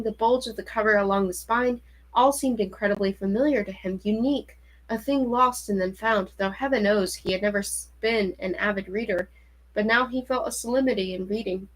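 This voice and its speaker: A woman reading a novel aloud to a stream, calm and unhurried, with measured pauses. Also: fairly high pitch, poor audio.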